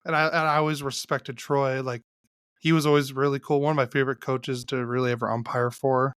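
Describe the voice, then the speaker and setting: Smooth-voiced male podcast host. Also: mid-range voice, level tone, a bit bright, no room sound, studio quality. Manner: loose, halting sign-off with restarts. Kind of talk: casual chat.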